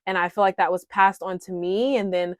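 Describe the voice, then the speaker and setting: A woman in her thirties talking casually and warmly to viewers about coping skills, with frequent "um"s, calling them "y'all". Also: mid-range voice, steady tone, brisk, dry recording, studio quality. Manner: frequent "um", addresses viewers as "y'all", laughs at herself. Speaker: wellness vlogger sharing coping skills. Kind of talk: casual heartfelt talk to viewers.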